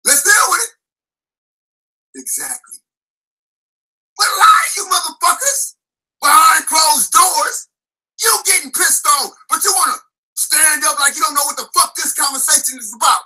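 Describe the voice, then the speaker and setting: A man hosting a live-stream show, ranting loudly and profanely and often calling out to his audience. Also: very high voice, moderate pace, low-quality recording. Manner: loud, preachy, often shouting, addresses the chat; repeats "ladies and gentlemen". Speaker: livestream show host.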